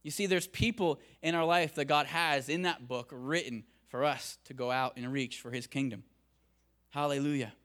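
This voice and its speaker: A man's voice: high voice, fairly bright tone. A man preaching a sermon, earnest and building to emphatic declarations.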